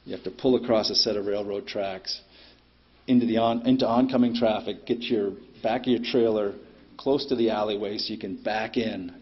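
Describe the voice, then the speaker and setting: A man's voice: on the low side, steady tone, moderate pace, slightly rough. A middle-aged man telling his story at a recovery meeting in a plainspoken, blunt way, with many ums and some cursing. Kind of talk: personal recovery share. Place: meeting room. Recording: dull lo-fi meeting recording.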